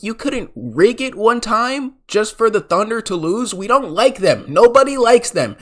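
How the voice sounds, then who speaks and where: Young man, high voice, slow drawn-out delivery, exasperated mocking rant, sports vlogger. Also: sing-song, a bit bright. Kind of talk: ranting reaction commentary.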